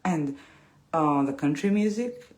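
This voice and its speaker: A woman's voice: low-pitched, lively intonation, measured pace, a little mellow. A woman in her late thirties from Texas, ranting sarcastically in a rambling casual vlog, laughing often and sometimes dropping to a whisper. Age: 30s. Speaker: vlogger. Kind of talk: casual storytime rant.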